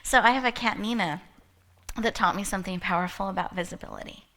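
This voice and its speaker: Opening an event, a motivational speaker addresses a live audience with a playful, inspirational talk full of stories and frequent laughter. She speaks fast, with a medium pitch and a fairly bright tone.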